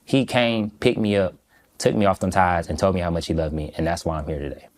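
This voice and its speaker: A man from Michigan, a guest in an interview, recounting a personal story in a slow, halting, reflective way with many pauses. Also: low voice, steady tone, darkish tone. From Michigan, USA.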